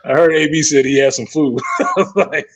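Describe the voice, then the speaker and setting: A man's voice: a little high, brisk, dull audio. A man hosting a casual livestream hangout, telling profane stories and laughing often. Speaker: podcast host.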